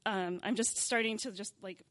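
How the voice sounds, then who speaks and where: A young adult woman telling a comic personal story, animated and self-mocking, acting out scenes and laughing often. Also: medium pitch, normal speed, dry recording.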